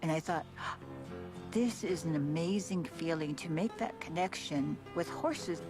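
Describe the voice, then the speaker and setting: A woman's voice: deep voice, normal speed. A woman telling a personal story, acting out the voices of the people she quotes. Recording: music bed under the voice.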